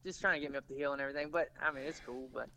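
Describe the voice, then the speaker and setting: A man's voice: medium pitch, fairly even intonation, rapid-fire, creaky, pushed and bright, a little hiss or hum, poor audio. A man, a race driver guest telling stories in a laid-back, casual way. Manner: laid-back storytelling with laughs. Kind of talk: casual interview chat.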